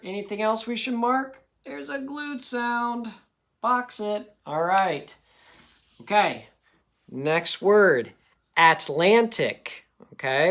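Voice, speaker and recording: A man's voice: high-pitched, a bit bright. A man teaching a children's phonics lesson, patiently sounding out words syllable by syllable.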